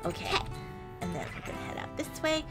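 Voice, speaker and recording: Bubbly woman host for a kids' game video, very high voice that swoops up and down. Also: sing-song, brisk, over music. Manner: bubbly, exaggerated, sing-song. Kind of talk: kids' game let's-play.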